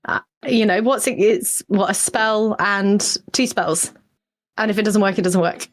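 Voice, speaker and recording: A woman chatting casually as a tabletop game player, working out plans quickly. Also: mid-range voice. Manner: quick, planning, laughs easily.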